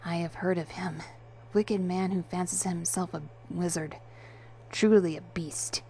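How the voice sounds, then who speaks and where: A woman voicing a blunt, disapproving gentleman who speaks gravely. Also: on the low side, steady tone, normal speed, a little hiss or hum.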